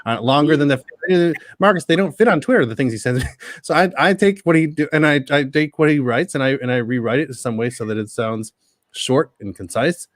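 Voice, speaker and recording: A man's voice: mid-range voice, fairly quick, dry recording, studio quality. A man chatting casually as a panel guest, laughing often and restarting his sentences. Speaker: panel guest, copy editor. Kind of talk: casual chat.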